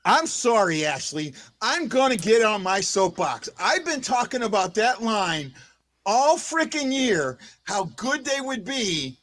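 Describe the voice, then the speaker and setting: Very high, bright-voiced excited man. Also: a little slow. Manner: excitable, shouting and chanting. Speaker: host of a fan livestream show. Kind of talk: excited live sports fan chat.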